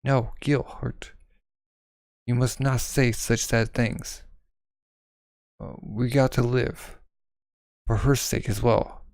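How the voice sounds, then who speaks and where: A man voicing a gentle, devoted young princess who speaks softly and slowly, in his own gravelly voice. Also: mid-range voice, steady tone, dry recording. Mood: pleading.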